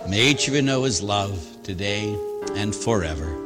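Priest, male, animated storytelling sermon, long hall reverb, faint music under. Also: lowish voice, moderate pace. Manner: animated storytelling, voicing others in quotes.

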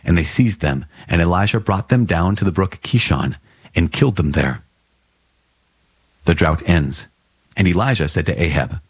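Deep husky male scripture reader. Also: no room sound. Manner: steady, measured reading. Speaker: narrator.

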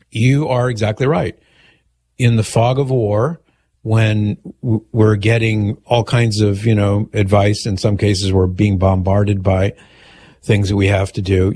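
A man with a fairly low voice hosts a talk radio show. He reads listener emails aloud and answers them in an easygoing, measured manner, chuckling now and then. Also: a little mellow.

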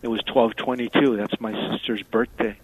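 A man from South Texas calling into a radio show, speaking haltingly with many pauses. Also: medium pitch, fairly even intonation, breathy edge. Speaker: caller. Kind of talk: call-in radio chat. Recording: dry, tinny phone line.

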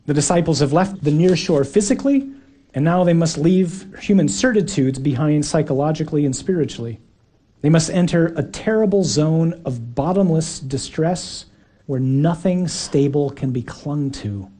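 A man preaching a sermon, reflective and slow, with emphatic repeated phrases. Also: a little high, animated, dark tone. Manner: reflective, building to emphatic repetitions.

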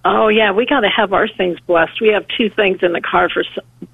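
A woman's voice: medium pitch, moderate pace, creaky, breathy edge, no echo. A woman calling in to a radio show, chatting in an agreeable way. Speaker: caller. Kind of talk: phone call to a radio show. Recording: tinny phone line.

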